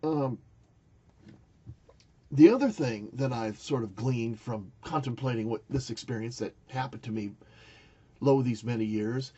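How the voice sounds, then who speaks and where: Husky, mellow older man musing aloud. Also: medium pitch, muffled recording. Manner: rambling, searching for words, frequent restarts. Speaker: YouTuber recounting a spiritual experience. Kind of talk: casual monologue to camera.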